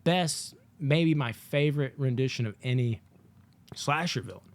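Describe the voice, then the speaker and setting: A man co-hosting a podcast, talking excitedly and cursing often in a casual movie debate, now and then acting out a villain's lines. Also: medium pitch, moderate pace. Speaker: podcast co-host.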